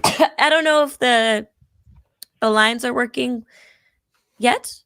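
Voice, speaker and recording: A woman co-hosting a casual call-in show, hoarse from losing her voice, chatty and reassuring. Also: on the high side, slow pace, a bit bright, dry recording, studio quality. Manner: chatty, reassuring, laughs often. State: hoarse, recovering from lost voice. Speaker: co-host.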